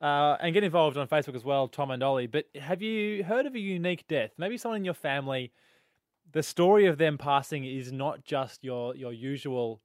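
Joking Australian radio co-host, slightly high. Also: male voice, a little fast, dry recording, studio quality. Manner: jokey, playful teasing. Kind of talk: evening radio banter. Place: radio studio. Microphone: studio microphone.

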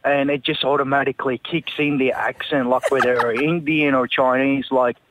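A man's voice: medium pitch, fairly even intonation, normal speed, background noise. Cheerful Australian man calling in. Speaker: caller. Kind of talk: phone-in chat. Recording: dull phone line.

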